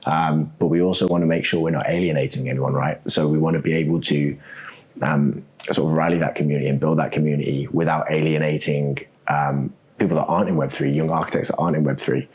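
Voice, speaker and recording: Guy with a super low voice, laid back, lots of ums and "right?" while he explains stuff. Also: quick pace. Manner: relaxed, thinks aloud with many ums and "right?" tags. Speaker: guest, co-founder of a web3 architecture startup. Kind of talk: casual conversational interview.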